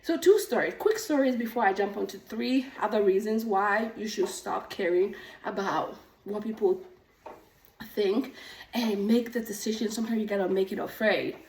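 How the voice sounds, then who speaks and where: A middle-aged woman, a nurse practitioner and coach, telling stories in a casual vlog, animated and a little out of breath from pedaling an exercise bike. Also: medium pitch, moderate pace, slight background noise. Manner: animated storytelling, acts out quoted voices. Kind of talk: casual talking-head vlog. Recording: echoey room, mic at a distance.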